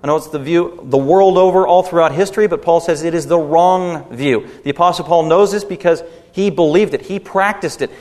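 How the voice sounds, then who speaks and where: A man preaching a sermon with a fairly high voice that climbs on the words he stresses. His delivery is emphatic, and a long reverb trails behind him as if in a big hall. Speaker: pastor.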